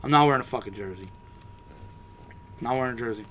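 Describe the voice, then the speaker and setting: A man with a mid-pitched voice co-hosting a sports podcast. He rants in frustration and swears freely. The talk is loose and casual. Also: quick pace, fairly bright tone, soft background music. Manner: profane, frustrated ranting. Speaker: podcast co-host.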